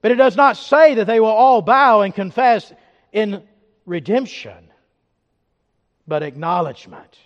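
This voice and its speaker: A man preaching a sermon as pastor, emphatic, swinging from loud declarations to hushed reflection. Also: high voice, measured pace, long pauses, long reverb tail, muffled recording.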